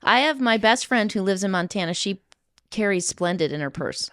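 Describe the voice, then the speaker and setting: A woman's voice: medium pitch, animated, normal speed, a bit bright, a little hiss or hum. A woman guest on a podcast, chatting casually in an easygoing, agreeable way. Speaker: podcast guest, chamber of commerce head. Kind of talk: casual chat.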